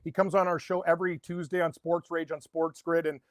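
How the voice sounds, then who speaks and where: Excitable high-voiced man talking bets. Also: fairly quick, dry recording, studio quality. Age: middle-aged. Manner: excitable, rambling, asks rhetorical questions. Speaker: sports betting guest. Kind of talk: casual sports betting chat.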